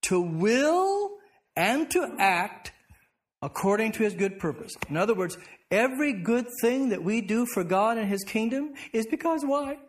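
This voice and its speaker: A man's voice: high-pitched, lively intonation, moderate pace. A middle-aged male pastor teaching a Bible class, reading verses aloud and prompting the class with questions that he then answers himself.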